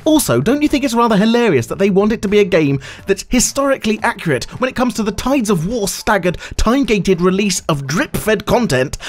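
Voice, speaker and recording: A man delivering a sarcastic, exasperated rant as a gaming channel host, swearing freely. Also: sits high. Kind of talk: ranting video commentary.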